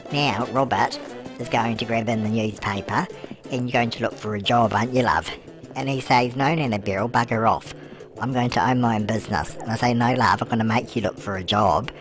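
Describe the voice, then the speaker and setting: A fussy, motherly old nan with a strikingly low, deep voice, as a woman puts her on, narrating a life-sim game and calling everyone love. Clear background music plays beneath her. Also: normal speed. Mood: doting. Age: older. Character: chatty, doting old British nan. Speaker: let's play host. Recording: music playing underneath.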